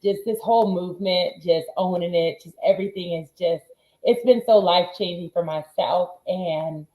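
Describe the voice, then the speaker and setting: A woman fitness coach talking in a casual group chat, energetic and emotional, with tough-coach enthusiasm. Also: on the low side, echoey room, rough recording.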